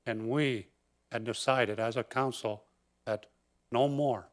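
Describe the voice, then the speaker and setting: A man town councillor speaking in a council meeting, deliberate and disappointed, in short phrases. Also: medium pitch, fairly even intonation.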